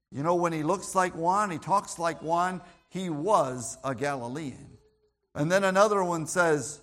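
High-voiced man preaching emphatically. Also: big pitch swings, a little slow, a bit bright. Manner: emphatic, repetitive, with frequent restarts. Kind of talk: sermon.

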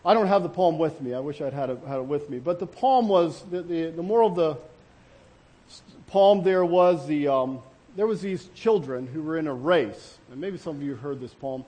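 A man preaching a sermon with a voice a little higher than most men's. He is earnest and halting, restarting his sentences and filling gaps with "you know" as he reaches for his words. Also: lively intonation, warm tone. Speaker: pastor.

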